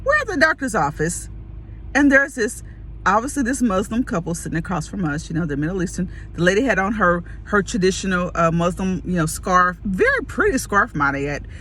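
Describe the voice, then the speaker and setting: A woman telling a casual story to camera, lively and laughing, acting out the people in it. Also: medium pitch, a little fast, a little hiss or hum. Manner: animated, acts out quoted voices, laughs often.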